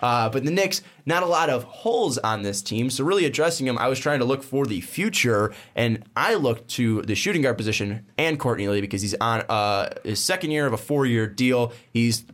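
A male podcast co-host in casual sports chat. He rattles off picks at a brisk clip and then explains his reasoning with easy enthusiasm. His voice sits at an ordinary middle pitch. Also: lively intonation, fairly bright tone. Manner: quick, enthusiastic, lists picks and gives reasoning.

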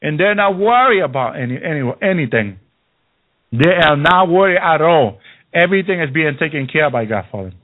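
Male preacher with a fairly high voice, repetitive exhortation full of hallelujahs, phone-like radio sound. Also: animated, brisk. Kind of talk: sermon.

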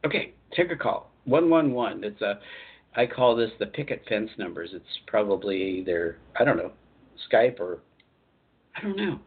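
A man's voice: fairly low pitch, moderate pace, husky. A man hosting a call-in radio show, talking in a rambling, chatty way and laughing easily. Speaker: radio show host and channeler. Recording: tinny phone-line sound.

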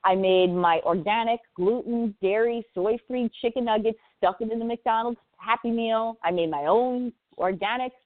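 A woman in her forties, a parent, tells her story as a guest on a radio interview over a tinny, dry phone line. Her voice sits a little high and moves at normal speed with hardly any pauses, earnest and impassioned, often repeating words for emphasis.

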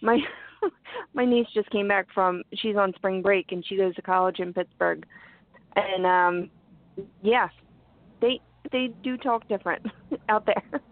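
A woman's voice: mid-range voice, measured pace, pauses often. A woman from southeastern Pennsylvania with its accent, co-hosting a chatty, giggly conversation. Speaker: co-host. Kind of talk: casual chat. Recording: tinny phone-like call audio, dry.

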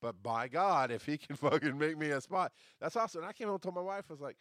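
A man's voice: a little high, fast talker, few pauses, a bit bright, no room sound, clean studio sound. A man hosting a podcast in a casual, rambling monologue. He swears freely and breaks off to answer live chat comments. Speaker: podcast host.

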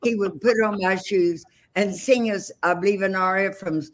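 A woman's voice: medium pitch, normal speed. An older woman, a veteran stage actress, telling bawdy, wisecracking stories on a video call from her home. She rambles with fillers as she goes. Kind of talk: casual storytelling on a video call.

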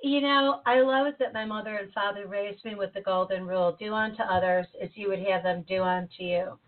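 A woman from Chicago talking in an animated, casual way and quick to jump in. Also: medium pitch. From Chicago, USA. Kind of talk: casual conversation. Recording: tinny phone-like line.

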